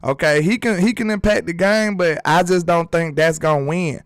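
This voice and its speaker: A man hosting a casual sports talk vlog, animated and emphatic, full of rhetorical questions. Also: a little high, normal speed, clean tone, no echo. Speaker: sports channel host.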